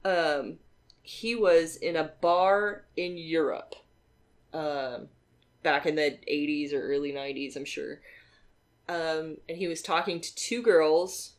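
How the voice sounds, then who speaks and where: A woman's voice: deep voice, fairly even intonation, takes it slowly. A married woman co-hosting a podcast, telling rambling anecdotes with many "um"s and side remarks. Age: adult, married. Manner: rambling storyteller, lots of "um" and asides. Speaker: podcast co-host. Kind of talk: casual chat.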